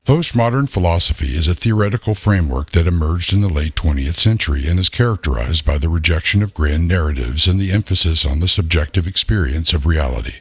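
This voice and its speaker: Deep, husky synthetic male narrator. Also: dry recording. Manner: steady, measured synthetic reading. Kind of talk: scripted narration.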